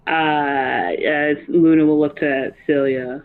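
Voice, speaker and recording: A man playing a tabletop game who describes his character's actions in a hesitant, halting way. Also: fairly high pitch, faint music behind. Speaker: player. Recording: tinny phone-like line.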